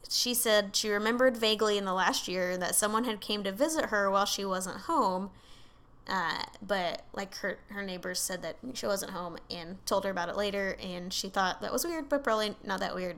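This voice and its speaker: A woman's voice: mid-range voice, moderate pace, a bit bright. A woman co-hosting a podcast, telling a story in casual chat over a call, full of fillers and asides. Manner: rambling, filler-heavy, swears casually. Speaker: podcast co-host telling a case. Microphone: remote call.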